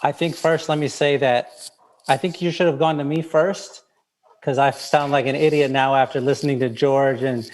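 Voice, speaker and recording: A man with an everyday mid-range voice speaks as a panel guest. He is blunt and funny, lets curse words slip, and talks in a relaxed, conversational way. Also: medium pitch, moderate pace, rough recording. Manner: frank, joking, swears freely. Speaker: writer guest. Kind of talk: casual panel discussion.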